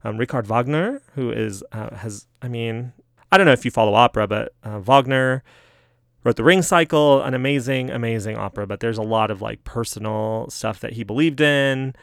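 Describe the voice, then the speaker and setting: A man hosting solo, reading aloud and thinking out loud in a chatty, self-deprecating, rambling way. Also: mid-range voice, normal speed, vocal fry, no room sound, studio quality. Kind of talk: casual rambling commentary.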